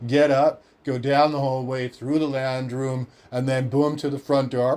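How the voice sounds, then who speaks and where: A man's voice: mid-range voice, flat delivery, moderate pace, a little mellow. A man with an Australian accent, telling a story on his podcast in a rambling way, cursing freely and acting out what others said. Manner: rambling, profane, acts out quoted voices. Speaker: podcast host. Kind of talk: casual storytelling.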